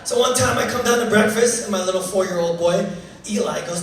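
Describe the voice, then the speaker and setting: A man in his thirties from Canada performing a stand-up comedy set, animated and joking, building to loud punchlines. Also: sits high, normal speed, far from the mic, music in the background, a crowd in the background. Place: comedy club stage. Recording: echoey club recorded from afar.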